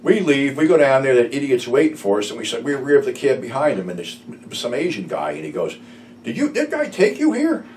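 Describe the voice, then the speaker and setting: Middle-aged man, crude rambling anecdotes, lively up-and-down delivery, a bit off-mic, faint hiss. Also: mid-range voice, brisk, hardly any pauses. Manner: profane, rambling storytelling. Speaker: YouTube storyteller. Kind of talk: casual anecdote telling. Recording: slightly distant mic, faint room noise.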